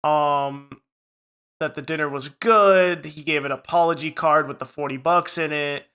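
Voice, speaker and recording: A man's voice: on the high side, fairly even intonation, measured pace, pushed and bright, smooth. A young man co-hosting a podcast, swearing a lot as he retells a story in casual chat. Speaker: podcast co-host.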